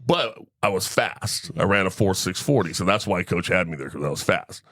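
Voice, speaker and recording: A middle-aged man hosts a casual sports talk show. His voice sits on the low side and sounds close and dry, with no room around it. He tells stories with animated flair, often checking in with a quick "right?". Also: no echo. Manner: animated storyteller, tag questions like right?. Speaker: podcast host. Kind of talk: casual storytelling chat.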